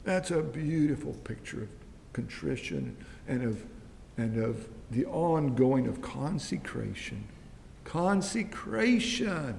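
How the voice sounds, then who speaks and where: A man preaching a fervent, pleading sermon, swinging between loud and hushed. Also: sing-song, slow pace, creaky. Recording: long reverb, faint rumble.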